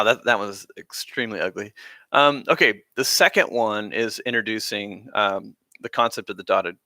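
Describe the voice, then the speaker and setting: Guy teaching band on a livestream, bright gravelly voice, rambly with lots of ums. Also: on the low side, no room sound, clean studio sound. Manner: casual, rambling, frequent fillers. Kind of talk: live-streamed music lesson.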